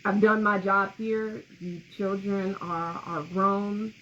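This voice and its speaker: A woman co-hosting a podcast about grief speaks slowly in a bright, forceful, mid-range voice with fairly even intonation. She's open and emotional, laughs frequently, and reads comments aloud. The recording sounds slightly muffled, with faint background noise.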